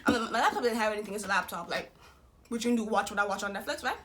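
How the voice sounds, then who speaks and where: A young woman vlogger telling a personal story in a casual, slangy, animated way, acting out what people said. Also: medium pitch, very fast, background noise. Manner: slangy, animated retelling with quoted voices.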